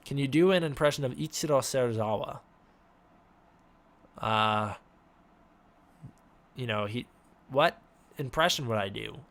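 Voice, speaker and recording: A man hosting a casual live-stream Q&A, giving offhand, halting answers to chat questions. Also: mid-range voice, vocal fry, a bit bright. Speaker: host.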